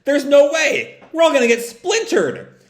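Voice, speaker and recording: A man's voice: sits high, wildly swooping pitch, a little slow, a bit bright, roomy sound, heavily acted. A man voicing a nervous but kind young girl character from a comic, reading her lines in an anxious, pleading way.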